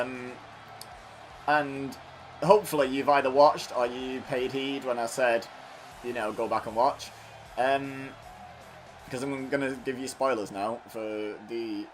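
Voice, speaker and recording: This gaming channel host has a medium-pitched, fairly bright voice. He gives casual, self-mocking commentary over a wrestling video game, chatting and joking between his play-by-play calls.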